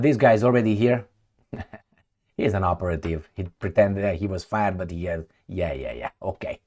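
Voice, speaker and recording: A man hosting heated political commentary, sarcastic and indignant, firing off rhetorical questions. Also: medium pitch.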